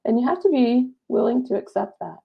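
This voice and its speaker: A woman's voice: a little high, expressive, a little fast, vocal fry, husky. A woman guest on a spiritual talk show, speaking in an earnest, reflective way. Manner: earnest, reflective, laughs lightly. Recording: dull lo-fi audio.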